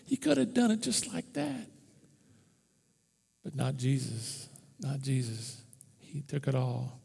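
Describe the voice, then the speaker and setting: A man preaching an Easter sermon as pastor, conversational and impassioned, swinging from loud bursts to hushed near-whispers. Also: mid-range voice, wildly swooping pitch, slow pace, gravelly, breathy edge, big-room sound. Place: church.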